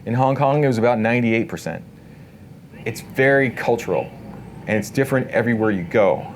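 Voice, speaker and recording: A man giving a casual live workshop talk to an audience in an event space, relaxed and talkative, full of filler words. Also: medium pitch, brisk, a little hiss or hum. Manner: relaxed, talkative, many "like" and "you know" fillers.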